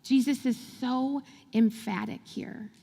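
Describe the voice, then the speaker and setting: A woman pastor preaching a lively sermon that sounds like storytelling, acting out the quotes as she goes. Her voice sits a little high and carries a gravelly fry. The long reverb of a church hall trails after every phrase. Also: slow. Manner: animated storytelling with laughs and acted-out quotes. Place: large church sanctuary.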